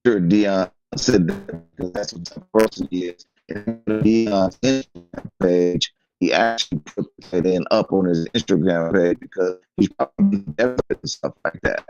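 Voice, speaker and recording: Deep-voiced man on a muffled call. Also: darkish tone, faint music behind. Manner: halting, loses his thread. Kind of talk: casual sports talk show.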